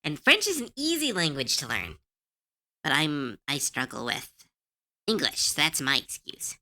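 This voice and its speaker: A woman's voice: sits low, wildly swooping pitch, measured pace, bright, forceful tone. A woman streamer in casual livestream chat, giggly, chatty and self-deprecating.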